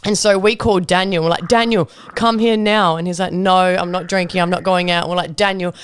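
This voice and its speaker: A woman's voice: lowish voice, fast talker. A woman hosting a podcast, telling a story casually with lots of laughter and acted-out quotes. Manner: animated, laughs often, acts out quoted lines. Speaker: podcast host.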